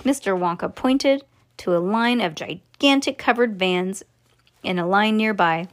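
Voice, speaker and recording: A woman's voice: medium pitch, a little slow. A woman reading a children's book aloud at home, playful and chatty, with asides between passages. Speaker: storybook reader. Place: home, on a bed.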